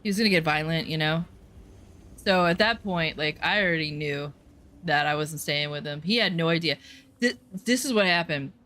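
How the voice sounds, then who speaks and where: A woman's voice: low voice, moderate pace, bright, forceful tone. A woman vlogger casually telling a personal story in a blunt, candid way, swearing freely and rambling with fillers and restarts.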